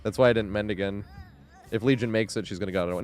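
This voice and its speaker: A man's voice: lowish voice, fairly even intonation, quick pace, darkish tone, soft background music. A young man streaming a game, chatting casually with frequent swearing and laughter. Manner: rambling, swears a lot, laughs often. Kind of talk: casual live-stream chat.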